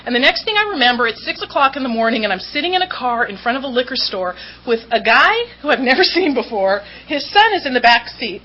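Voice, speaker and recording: A woman's voice: on the high side, expressive, fast, hardly any pauses, sharp tone. A woman speaking at a recovery meeting, telling her story to the audience in a candid, self-mocking way and often laughing as she talks. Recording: slightly dull recording with faint background hum.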